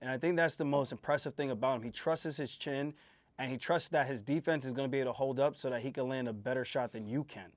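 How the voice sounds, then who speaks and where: A man, a host and fighter, giving a casual fight breakdown in an emphatic, animated way and swearing freely. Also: mid-range voice, quick pace, no echo.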